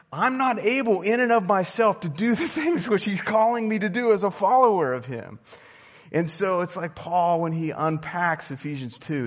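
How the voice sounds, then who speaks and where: Animated pastor man in a reverberant hall. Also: medium pitch. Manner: animated storytelling with bursts of excitement. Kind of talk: sermon. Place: church sanctuary. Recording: long reverb of a church hall.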